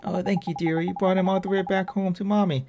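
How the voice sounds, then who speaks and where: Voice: medium pitch, flat delivery, a little fast, natural voice. A game player voicing a kindly, fussing older woman who dotes on her cat, over game music. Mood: doting. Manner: fond, fussing.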